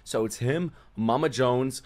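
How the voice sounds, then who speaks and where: A man doing excited reaction commentary on an anime, swearing, laughing and shouting exclamations. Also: medium pitch, measured pace. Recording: music playing behind voice. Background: anime audio and music.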